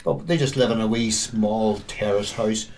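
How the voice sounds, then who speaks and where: A Northern Irish man recalling family trips and childhood scenes in a casual, steady way. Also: lowish voice, normal speed, a little hiss or hum. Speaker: brother reminiscing on radio. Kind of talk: casual reminiscing.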